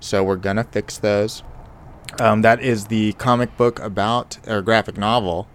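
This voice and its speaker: A man co-hosting a podcast in casual chat, his voice sitting low. He jokes and rambles with plenty of fillers. A faint hiss runs under the recording. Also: fairly even intonation, unhurried. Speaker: podcast co-host.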